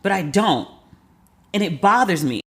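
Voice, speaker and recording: A woman's voice: medium pitch, animated, a little slow. A woman podcast host telling a story in a casual monologue, candid and profane, acting out what others said.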